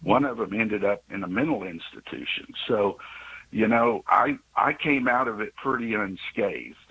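A man in his sixties calling in to a radio show by phone, telling a story with many halting restarts and fillers. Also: fairly low pitch, breathy edge, phone-quality sound. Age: 60s. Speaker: radio caller. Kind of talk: call-in storytelling. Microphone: phone call.

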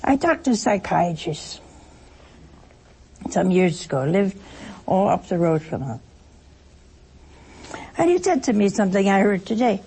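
A woman delivers a conversational sermon to her listeners in a chatty, storytelling style, often laughing through her anecdotes. Her medium-pitched voice is warm with a breathy edge, very animated yet a little slow, with frequent pauses.

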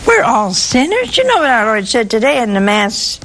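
A woman preacher gives a sermon, telling humorous stories and posing rhetorical questions to her listeners. Her voice sits on the high side with big pitch swings, a moderate pace, and a fairly bright tone, on a low-quality recording with slight background noise.

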